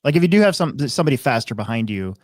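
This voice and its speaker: A man co-hosting a casual live-stream talk show. He comments in a measured, thoughtful way with a mid-range voice. The recording is dry. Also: medium pitch, sing-song, no echo. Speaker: co-host.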